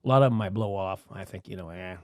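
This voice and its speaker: Fast-talking man rambling in chat. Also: lowish voice, no echo, clean studio sound. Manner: rambling, many fillers and restarts. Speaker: podcast co-host, voice actor. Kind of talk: casual chat. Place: home studio.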